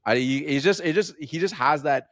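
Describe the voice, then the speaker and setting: A man co-hosting a podcast, chatting casually about a film in a rambling, animated way and acting out little quotes. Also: fairly high pitch, normal speed, no room sound, clean studio sound. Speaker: podcast co-host. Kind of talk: casual film review chat.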